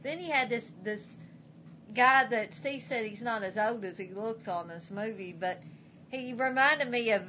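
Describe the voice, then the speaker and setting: A woman's voice: a little high, moderate pace, slight background noise. A woman co-hosting a casual podcast, cutting in with blunt, teasing remarks, recorded on a dull lo-fi setup. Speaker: podcast co-host. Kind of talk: casual chat.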